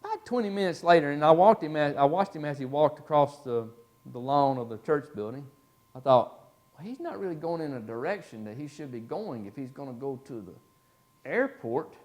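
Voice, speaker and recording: A man's voice: a little high, lively intonation, fairly quick, darkish tone. A man teaching a church Bible class, telling stories in a folksy way with many fillers. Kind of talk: storytelling in a class.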